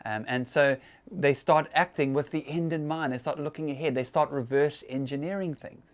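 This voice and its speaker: A man's voice: fairly high pitch, fairly even intonation, normal speed. A man hosting a casual church talk, chatty and conversational with fillers and laughs.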